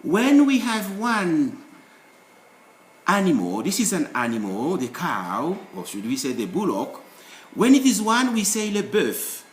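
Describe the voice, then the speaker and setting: A man's voice: high voice, wildly swooping pitch, a little slow. Man teaching French in an echoey room. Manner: explanatory, repeats example words, emphatic rises. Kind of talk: screen-share language lesson.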